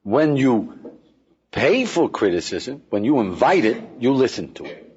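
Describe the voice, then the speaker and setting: A man's voice: medium pitch, a little slow, a little hiss or hum. A man teaching as a rabbi in an informal, conversational lecture, acting out everyday scenes and keeping the class with him through constant questions. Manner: conversational, keeps asking "right?" and "yeah?"; lively, acts out everyday scenes. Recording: dull lo-fi lecture recording.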